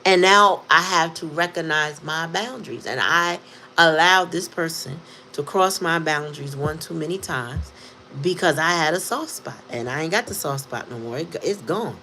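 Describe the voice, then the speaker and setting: A blunt woman speaks to her viewers in a low voice, emphatic and full of swearing. A faint hiss of noise sits behind her. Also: normal speed, sharp tone. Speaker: tarot reader. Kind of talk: casual monologue to viewers.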